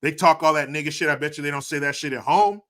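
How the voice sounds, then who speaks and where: A man hosting an opinionated commentary video, profane and mocking, swinging between loud outbursts and low muttered asides. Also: fast talker.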